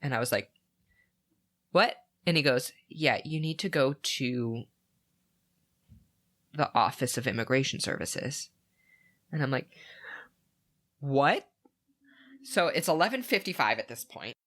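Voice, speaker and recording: A man co-hosting a casual podcast, recounting a story with animated energy. His voice is bright and forward. He leans on lots of "like" fillers. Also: medium pitch, normal speed, long pauses. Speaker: podcast co-host.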